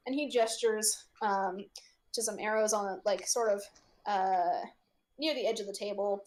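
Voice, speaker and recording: A woman's voice: mid-range voice, fairly even intonation, measured pace, a little mellow. A woman narrating a tabletop game as game master, rambling with lots of ums and frequent giggles. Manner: rambling, giggly, full of fillers.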